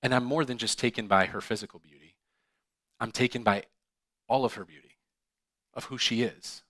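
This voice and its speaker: A male pastor telling a personal story in a sermon, animated and acting out the dialogue with laughs. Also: mid-range voice, moderate pace, no room sound. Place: church.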